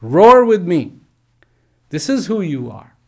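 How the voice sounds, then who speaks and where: A man voicing a big, powerful male lion who speaks calmly and reassuringly in a parable. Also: medium pitch, normal speed, vocal fry.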